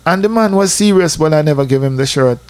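A man with a Jamaican accent telling a personal church testimony in a lively storytelling way, slipping into patois. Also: a little high, fast talker, clean tone, no echo. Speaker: church member giving testimony.

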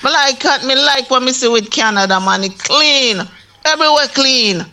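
Bright, high-voiced Jamaican man. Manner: lively, laughing, quick to interject. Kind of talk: casual radio chat.

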